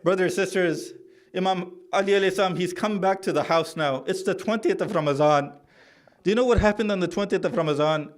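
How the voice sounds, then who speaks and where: A man reciting a mourning sermon, telling the story in a pleading, tearful way that climbs to a loud cry. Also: high-pitched, quick pace. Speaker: speaker narrating a martyrdom account. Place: mosque hall.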